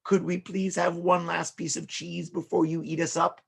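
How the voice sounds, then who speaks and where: A quick-witted little sister-protecting girl mouse from a children's story, voiced by a man, lifting into a higher, earnest tone. Beneath it the voice stays gravelly and a bit husky. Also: level tone, heavily acted. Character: brave, clever girl mouse, big sister.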